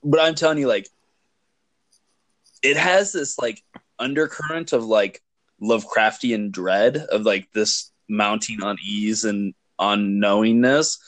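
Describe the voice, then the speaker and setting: A man's voice: lowish voice, steady tone, unhurried, fairly bright tone, no room sound. A man co-hosting a podcast, chatting casually with enthusiasm, rambling with lots of fillers and swearing. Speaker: podcast co-host. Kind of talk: casual chat.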